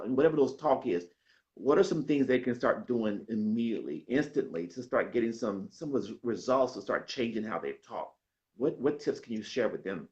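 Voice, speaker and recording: A man's voice: fairly low pitch, lively intonation, brisk, muffled recording. A man hosting an interview show, encouraging his guest and rephrasing his questions to draw out practical tips. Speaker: show host.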